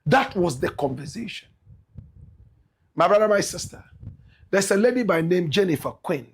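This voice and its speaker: Ghanaian man, political commentator, high husky voice, swings wide in pitch, emphatic. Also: expressive, normal speed. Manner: emphatic, repeats "my brother, my sister", bursts into shouts.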